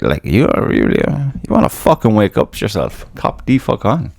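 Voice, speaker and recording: Irish man, podcast host, low voice, rambling casual monologue, heavy swearing, self-mocking. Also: sing-song, moderate pace, gravelly, darkish tone, no echo. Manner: swears a lot, self-mocking, laughs at himself.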